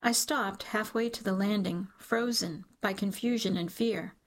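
A woman reading a dark first-person story aloud in a measured, dramatic way. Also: mid-range voice. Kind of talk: scripted audiobook narration.

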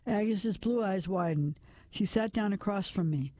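Mellow woman reading a story aloud. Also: mid-range voice, normal speed, no echo. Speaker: narrator. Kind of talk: first-person storybook narration.

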